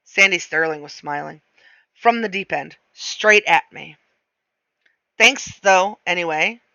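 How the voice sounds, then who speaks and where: Bright, dry-voiced novel reader. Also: mid-range voice, slow pace, gravelly, no room sound, lo-fi sound. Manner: wry, self-mocking first-person narration. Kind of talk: reading a novel aloud.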